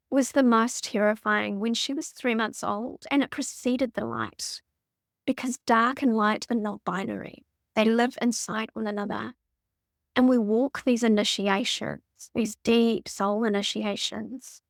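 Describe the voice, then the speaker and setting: A middle-aged woman speaks as a podcast guest, recounting her own story in an earnest, open, reflective way. Her voice sits a touch high for a woman. It is recorded close and dry, with no room sound. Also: vocal fry, dry recording. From New Zealand. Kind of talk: personal storytelling in conversation.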